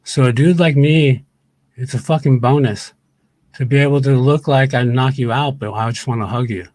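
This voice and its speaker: A man's voice: mid-range voice, moderate pace, a little mellow, no room sound. A man ranting on a livestream, angry and profane, repeating his points over and over. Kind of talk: heated livestream rant.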